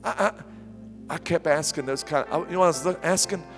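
A middle-aged man preaching a sermon as pastor, telling stories with repeated questions that swing from near-whispers to loud, high climbs. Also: fast talker, long reverb tail, music in the background. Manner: animated storytelling preacher, repeating questions, sudden soft drops and loud climbs.

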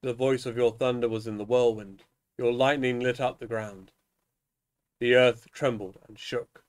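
A man leading evening prayer, reading psalms and scripture in a measured, solemn way, now and then tripping over a word. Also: mid-range voice, steady tone.

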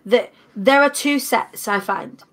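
A woman's voice: fairly high pitch, takes it slowly. A woman, a guest on a panel, talking earnestly and expressively, with blunt slang. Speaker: panel guest, foundation founder. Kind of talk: motivational panel talk.

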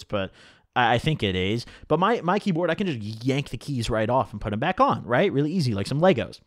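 A young man tells a story to his viewers in loose, slangy talk full of swearing. His pitch swings widely as he talks. He was recorded close to the mic in a dry room. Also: no echo. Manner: animated, slangy, swears freely. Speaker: vlogger. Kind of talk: casual storytelling vlog. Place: home room.

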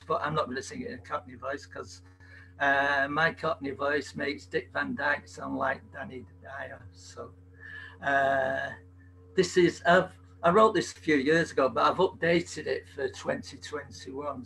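Slow, gravelly man reading poetry. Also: medium pitch, fairly even intonation, slight background noise, rough recording. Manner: slow, soft-spoken delivery with gravelly fry. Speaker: open mic performer. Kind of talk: poetry reading and sung parody over video call. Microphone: video call.

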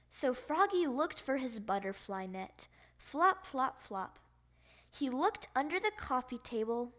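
A woman's voice: high-pitched, very animated, unhurried, fairly bright tone. A woman reading a picture book aloud for children, playfully speaking the sound effects. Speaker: storybook reader.

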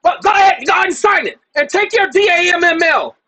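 A man voicing an irate female postal clerk who yells and snaps at a customer. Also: lively intonation, fast talker, full character voice. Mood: yelling. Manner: shrill, yelling, snappish.

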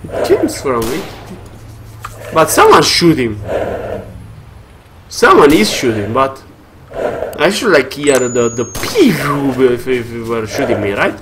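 A man's voice: mid-range voice, very animated, slow pace, pauses often, noisy background. A man giving let's play commentary, frustrated and muttering to himself as he plays, often swearing. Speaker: gamer.

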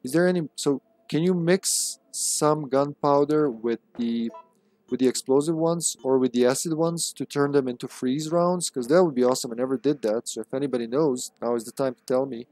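A man's voice: medium pitch, normal speed, a little mellow. Sarcastic man streaming a game. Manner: joking, sarcastic, chatting with viewers. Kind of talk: live gameplay commentary.

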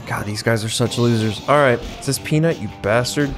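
A man's voice: medium pitch, brisk, soft background music. A young man giving casual, sarcastic gameplay commentary, swearing freely and chuckling to himself.

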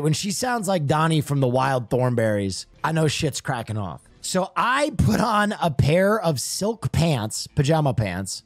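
A male streamer telling a story in casual chat, animated and profane, acting out sounds. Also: a little high, gravelly, no room sound.

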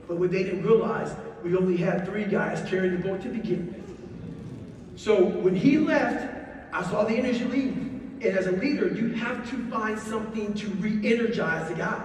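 A man with a high-set voice delivers blunt motivational stories full of swearing, pressing every point with intensity. He sounds distant from the microphone, and his words ring through a large, echoing hall with a faint hiss underneath. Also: normal speed. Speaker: guest speaker. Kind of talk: profane motivational storytelling. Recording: echoey hall, distant mic, faint noise.

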